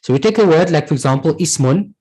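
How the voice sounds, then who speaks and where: A male language teacher running a class, his pitch rising and falling a lot as he explains. He talks patiently, repeats each word and keeps asking "right?" to check the class follows. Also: animated, fast, a little mellow, husky, low-quality recording. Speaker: Arabic teacher. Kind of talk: online class lesson.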